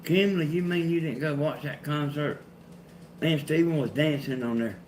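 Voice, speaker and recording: A man's voice: a little high, moderate pace, darkish tone, a little hiss or hum. A man from Georgia with a Southern accent, co-hosting a live chat and talking to viewers in a plainspoken, laid-back country way. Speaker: co-host of a live chat stream.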